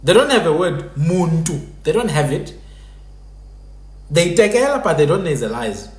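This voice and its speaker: A man hosts a TikTok live stream and talks about languages in an animated way, imitating how dialects sound. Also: a little high, normal speed. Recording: echoey room.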